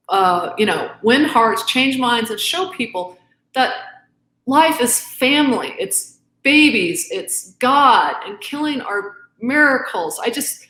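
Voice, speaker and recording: A middle-aged woman speaks as a guest author in an impassioned interview, earnest and emphatic, acting out both sides of arguments and quoting them back and forth. Her voice is fairly high and fairly bright, and the sound is reverberant.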